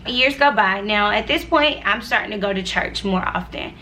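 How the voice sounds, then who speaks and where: Bright-voiced young woman, chatty testimony. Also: medium pitch, normal speed, slight background noise. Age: 20s. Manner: chatty and earnest, full of "like" and asides to viewers. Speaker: vlogger sharing her faith testimony. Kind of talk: casual personal testimony.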